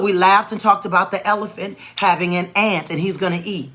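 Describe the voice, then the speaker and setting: A woman educator telling a classroom story in an animated, expressive way, acting out the voices of the people in it. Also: mid-range voice, moderate pace. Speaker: educator and tutor. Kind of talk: storytelling teaching talk.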